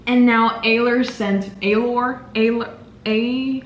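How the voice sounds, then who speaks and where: A woman's voice: fairly high pitch, fairly even intonation, slow pace, muffled recording, slight background noise. A woman in her twenties making an unboxing vlog, gushing and exclaiming dramatically over book gifts. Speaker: book vlogger. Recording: echoey room, faint ambience.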